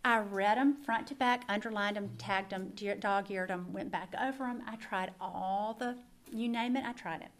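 A woman's voice: medium pitch, steady tone, moderate pace. A middle-aged woman, sharing a personal testimony in a sermon, earnest and emphatic, repeating words for stress. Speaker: Christian speaker.

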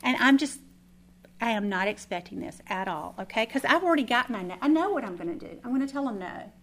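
A woman leading a Bible study, telling a lively personal testimony and then praying. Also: on the high side, fast. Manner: animated, chatty storytelling with asides.

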